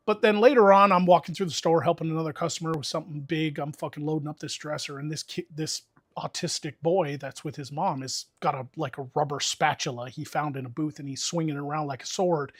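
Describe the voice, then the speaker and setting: A man's voice: fairly high pitch, no echo, clean studio sound. A man casually telling a long, profane story to friends on a stream, talking with lots of energy.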